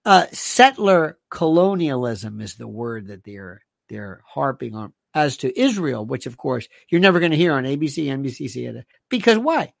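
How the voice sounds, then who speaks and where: An older host rambles through listener comments with a lively, swooping delivery that turns sharply indignant. The voice is close to the mic with a dry sound and no room echo. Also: medium pitch, moderate pace, creaky, hardly any pauses. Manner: animated, indignant, rambling, rhetorical questions. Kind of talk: monologue reading listener comments.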